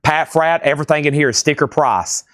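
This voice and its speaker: A man hosting a live record auction from a store, reading titles off fast and tossing in sarcastic asides. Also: a little high, a bit bright, no echo, clean studio sound. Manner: rapid-fire listing, joking and sarcastic asides. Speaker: live sale host.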